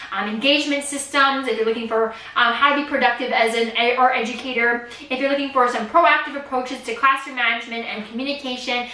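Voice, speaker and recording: A woman in her thirties teaching from her art studio, bubbly and animated, squealing excitedly when she imitates kids. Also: high-pitched. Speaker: art teacher and course host. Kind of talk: energetic teaching vlog. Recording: roomy, slightly distant camera audio.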